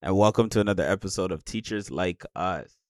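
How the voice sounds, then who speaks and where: A man's voice: low voice, brisk, dry recording. Man, young, podcast co-host, tired, rambling, resonant voice, dry sound. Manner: rambling, restarts, weary. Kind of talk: casual chat.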